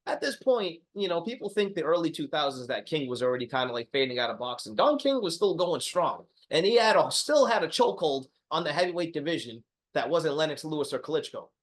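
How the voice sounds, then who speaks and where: Podcast co-host, man, slightly high voice, profane and animated storyteller. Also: brisk, few pauses. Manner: lively, profane storytelling with laughs. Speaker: podcast co-host, boxing historian. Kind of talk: casual podcast chat.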